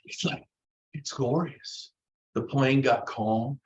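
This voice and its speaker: A middle-aged man giving a lively motivational talk to real estate agents, acting out quotes in different voices. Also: mid-range voice, slow pace. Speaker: motivational speaker. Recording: roomy, dull lo-fi room recording.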